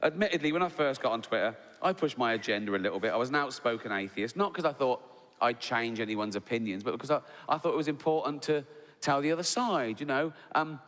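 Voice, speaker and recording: Giggly comic telling stories. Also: male voice, medium pitch, lively intonation, quick pace, fairly bright tone. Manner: chatty, keeps tagging lines with "right?", laughs at his own stories. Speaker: stand-up comedian. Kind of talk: stand-up storytelling. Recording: live hall reverb, faint ambience.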